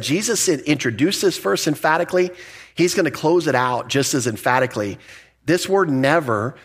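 A man as a pastor preaching an expository sermon, conversational and animated, building up emphasis as he makes a point. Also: mid-range voice.

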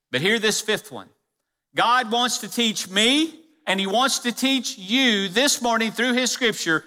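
A man preaching a sermon as pastor to his church, stressing key phrases by slowing down and dropping low. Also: pushed and bright. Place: church sanctuary. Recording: long reverb of a church hall.

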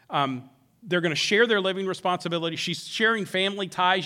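A man preaching a sermon who acts out the characters' words in an animated way. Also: high-pitched, moderate pace. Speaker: pastor.

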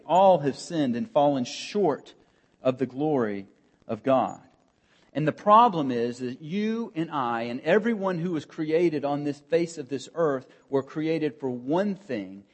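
A man preaching a sermon as pastor, earnest and emphatic, with pauses and rising emphasis. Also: on the high side, a little mellow.

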